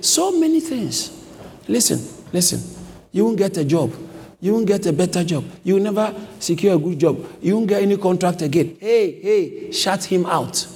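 A man preaching a sermon as pastor, repeating short urgent commands and building up to shouts. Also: high voice, normal speed. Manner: repetitive exhortation, rising to shouts. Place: church. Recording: long hall reverb, faint background noise.

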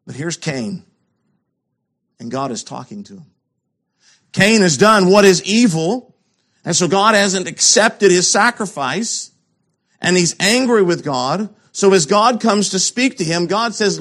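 A man preaching a sermon, asking rhetorical questions and swinging between loud emphasis and hushed lows. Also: lively intonation, a little slow.

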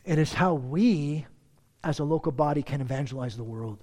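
A man preaching a sermon as pastor, conversational and animated, talking straight to his congregation. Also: on the high side, moderate pace. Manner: animated, acts out everyday dialogue in different voices; conversational, addresses the congregation directly.

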